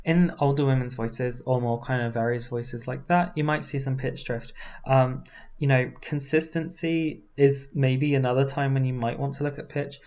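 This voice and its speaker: A woman voice coach giving a casual, informal lesson, often tagging her points with a quick question and trying out demonstration voices. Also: a bass voice. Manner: relaxed and informal, with frequent fillers and tag questions.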